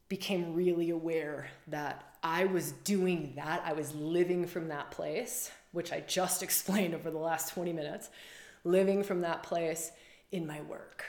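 A woman's voice: on the low side, darkish tone. A woman spiritual coach and podcast host giving an earnest, flowing talk, repeating phrases and laughing often. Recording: roomy echo.

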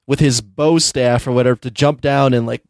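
A man on a podcast chimes in hesitantly to recall scenes from a film. His pitch sits in the middle, and he is recorded close with a dry sound. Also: fairly even intonation, a little fast, a little mellow, dry recording. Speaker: podcast co-host. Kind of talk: casual chat.

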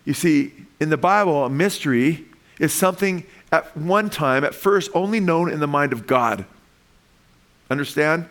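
A man preaching a sermon as pastor, reading scripture slowly and rising in pitch and volume to stress points, asking the congregation questions. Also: lively intonation, fairly bright tone. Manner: reads verses slowly, asks the congregation questions.

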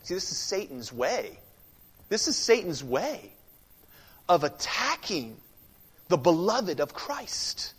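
Brief: male pastor, high and expressive voice, slow deliberate sermon delivery, alternating bold and hushed, long church reverb. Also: breathy edge. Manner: emphatic, swings from loud declarations to hushed intensity. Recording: long reverb of a large sanctuary.

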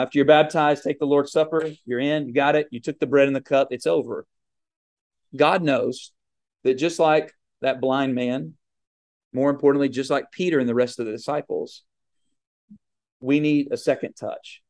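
A man's voice: mid-range voice, vocal fry, a little mellow. A man preaching a communion sermon in an earnest, emphatic way, with fillers and restarts.

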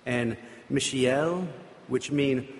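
A man retells a scripture story from the pulpit in a loose, conversational way, wandering into asides and filler words. His voice sits at an ordinary pitch and rings out with a long reverb from the hall around him. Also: very slow. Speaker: preacher. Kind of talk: informal sermon storytelling.

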